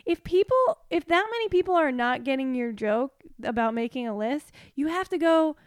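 A woman's voice: high-pitched, animated, moderate pace, few pauses, no echo, clean studio sound. A woman in casual podcast chat, speaking candidly and with emphasis. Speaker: podcast co-host.

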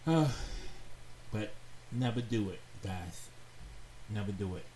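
A man hosting a radio talk show, giving heartfelt advice in a slow, earnest, preachy way and repeating phrases for emphasis. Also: lowish voice, expressive, dark tone. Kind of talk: heartfelt advice monologue to listeners. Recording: roomy echoey sound with faint background noise.

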